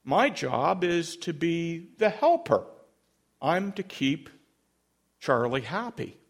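A man's voice: fairly high pitch, sing-song, slow, vocal fry, heavily acted. A man voicing a prim older churchwoman who lectures insistently about obedience. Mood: lecturing. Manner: preachy, insistent.

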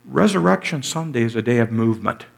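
Here a pastor delivers a sermon, eagerly recounting scripture while repeating lines for effect and letting his volume swell and fade. He speaks fast in a gravelly, mid-range voice with lively intonation.

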